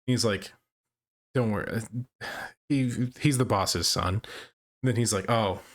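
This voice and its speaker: Easygoing man chatting about a movie. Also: lowish voice. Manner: relaxed, chuckling, halting restarts. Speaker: podcast co-host. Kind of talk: casual movie recap chat.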